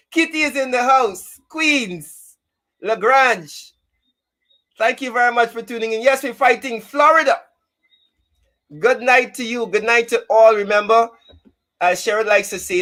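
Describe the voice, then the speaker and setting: A man's voice: sits high, a bit bright. A man hosting a casual live-stream talk show, chatting and greeting viewers by name.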